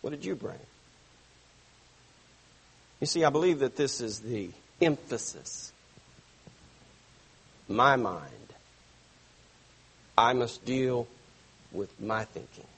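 A man preaching a sermon to his church, stressing phrases slowly and dropping suddenly soft. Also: mid-range voice, breathy edge. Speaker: pastor.

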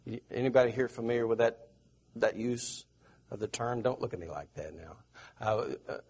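A middle-aged man from the American South preaches a sermon in a husky, medium-pitched voice. He goes slowly and repeats himself, putting questions to his listeners.

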